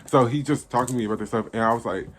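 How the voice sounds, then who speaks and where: A man's voice: medium pitch, rapid-fire, fairly bright tone, faint music behind. An eighteen-year-old man casually telling a story to camera, blunt and profane, acting out what people said. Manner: blunt, profane, acts out quoted dialogue. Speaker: vlogger.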